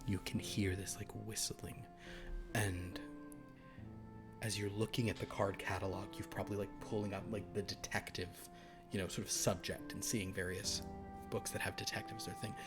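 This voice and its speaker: A man with a fairly low voice runs a horror tabletop game, narrating in halting bursts full of fillers and hushed asides. Background music plays steadily underneath. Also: little pitch movement. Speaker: game master.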